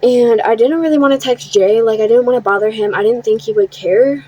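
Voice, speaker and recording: A woman's voice: fairly high pitch, mellow, slight background noise, low-quality recording. Blunt, profane young woman telling a story. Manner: blunt and profane, quotes others in quick asides. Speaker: storytime vlogger. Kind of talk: casual storytime.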